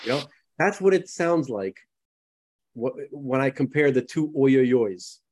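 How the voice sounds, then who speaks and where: A man's voice: medium pitch, animated, measured pace, a little mellow. Rambling man chatting on a podcast. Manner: rambling, many restarts and "you know"s. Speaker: podcast co-host. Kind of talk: casual conversation.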